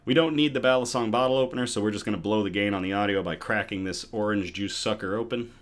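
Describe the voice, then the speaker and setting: A man's voice: lowish voice, quick pace. A man hosting a casual live good-news show from home, chatty and upbeat, a little out of breath. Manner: chatty and upbeat, with chuckles and restarts.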